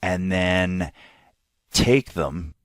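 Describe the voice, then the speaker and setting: Low-voiced joking podcast co-host. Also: male voice, drawn-out words, no room sound, studio quality. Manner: joking, mock trash-talk. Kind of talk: casual podcast banter.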